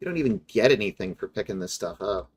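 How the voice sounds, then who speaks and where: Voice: low voice, fast talker, breathy edge. A streamer giving casual, chatty commentary over a factory-building game, explaining its mechanics with amusement.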